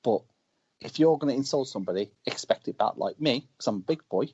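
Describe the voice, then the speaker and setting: A man's voice: mid-range voice, expressive, a little fast, darkish tone, slight background noise. A man, a wrestler, telling brash, boastful stories in a casual interview. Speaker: wrestler guest. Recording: dull lo-fi audio.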